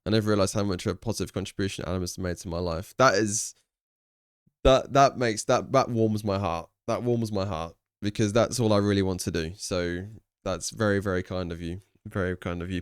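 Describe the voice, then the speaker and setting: A man's voice: deep voice, moderate pace, clear, resonant tone, no echo, studio quality. A young English man streaming live, chatting casually with viewers, thinking aloud and swearing now and then. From England.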